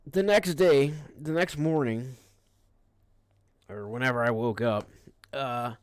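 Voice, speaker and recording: A man's voice: medium pitch, takes it slowly, clear, resonant tone, no room sound, clean studio sound. A man streaming a casual rant, rambling and cursing, with frequent restarts. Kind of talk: casual ranting livestream.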